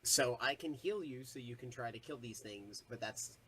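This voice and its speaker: Hesitant, mid-pitched man at a game table. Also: normal speed, pushed and bright. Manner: hesitant, restarts, chatty planner. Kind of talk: casual tabletop game chat.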